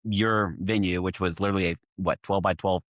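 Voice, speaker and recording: A man from Texas, a winemaker guest on a podcast, telling a story in steady detail. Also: sits low, a little fast, no room sound, studio quality. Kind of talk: casual chat.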